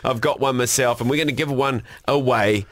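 A man's voice: medium pitch, brisk, a bit bright, no room sound. A man co-hosting breakfast radio, chatty and easygoing while reading giveaway promos. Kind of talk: casual radio banter.

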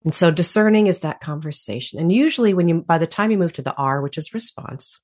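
A woman's voice: on the low side, lively intonation, quick pace, a little mellow. A woman guest in an interview, speaking reflectively and laughing often. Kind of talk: conversational interview.

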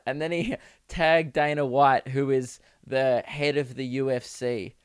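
A man's voice: mid-range voice, fairly even intonation, a little slow, few pauses, clear, resonant tone, no echo, studio quality. A man in his twenties with an Australian accent, hosting his own podcast in a rambling, crude, jokey way and laughing often. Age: 20s. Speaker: podcast host. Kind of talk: casual solo podcast chat. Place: home recording setup.

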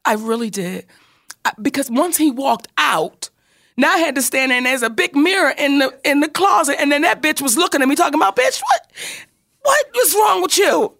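A woman telling a personal story in casual chat, animated and swearing freely as she acts out what people said. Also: high voice, a little fast.

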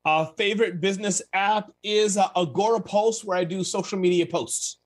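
A man answering as a business guest in casual interview chat, energetic, emphatic and joking. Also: high-pitched, moderate pace. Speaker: guest, entrepreneur.

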